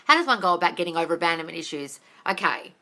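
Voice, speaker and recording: Woman coach on a phone live Q&A: low-ish, bright, forceful voice, blunt and sweary, says darling a lot. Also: expressive, rapid-fire. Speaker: manifesting coach. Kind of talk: live-stream Q&A.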